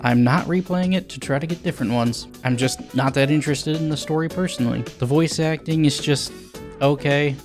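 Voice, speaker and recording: A man's voice: a little high, a little fast, faint music behind. A young man reviewing a video game, blunt and sarcastic with crude jokes.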